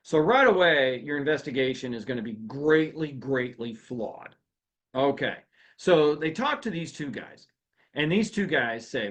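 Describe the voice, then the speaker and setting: A man teaches a workplace seminar with lots of energy. His voice sits somewhat high and leaps around in pitch as he tells the story and checks in with the audience. The delivery is conversational and full of questions. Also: unhurried. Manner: animated, quizzes the audience with questions. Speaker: workplace law and HR seminar speaker. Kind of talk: live seminar talk to an audience.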